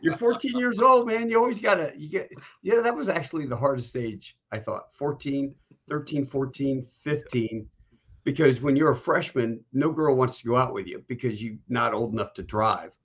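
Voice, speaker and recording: A man hosting a podcast, telling stories in a casual, animated way and acting out the people he quotes. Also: mid-range voice, normal speed, breathy edge, dull audio. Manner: animated, folksy, acts out quoted voices. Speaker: podcast host. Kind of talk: casual storytelling chat.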